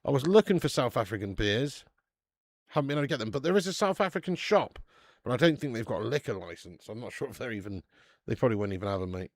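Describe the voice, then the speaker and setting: A man's voice: medium pitch, lively intonation, fast, no echo, clean studio sound. A man hosting a live football watch-along, chatty and laddish, swearing and calling viewers mate and lad. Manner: bursts out loud at match chances.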